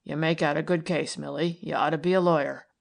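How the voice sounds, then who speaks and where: A woman's voice: sits low, fairly even intonation, fairly quick. A woman reading aloud and voicing a skeptical, dry-witted male detective who speaks curtly and ironically. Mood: teasing. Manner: gruff, ironic, curt.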